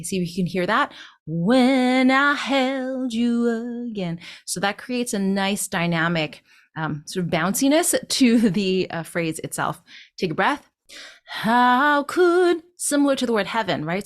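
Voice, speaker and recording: A woman vocal coach teaching a song, explaining phrasing and breaking into sung lines to demonstrate. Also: on the low side. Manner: encouraging, checks in with listeners. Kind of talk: singing lesson, explaining and demonstrating.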